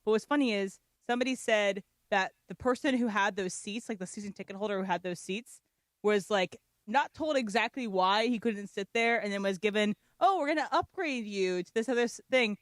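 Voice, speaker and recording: A woman chatting quickly and casually on a sports radio show. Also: mid-range voice, dry recording.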